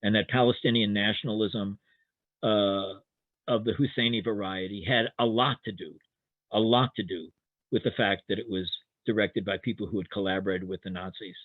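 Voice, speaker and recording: A man's voice: lowish voice, steady tone, moderate pace, dry recording. An older man, a historian guest in an academic webinar, talking hesitantly with many restarts and fillers over a video call. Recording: tinny phone-like line, dry.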